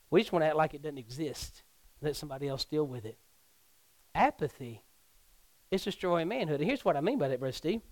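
A middle-aged man, a youth pastor preaching a sermon, swinging from hushed, near-whispered lines to loud, near-shouted ones. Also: sits high, dry recording.

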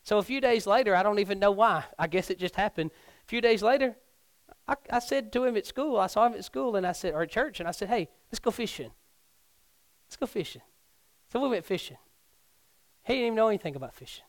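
Preaching man with a high voice. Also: quick pace, dry recording. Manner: preaching with big swings from hushed to near-shouting. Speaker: youth pastor. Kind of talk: sermon.

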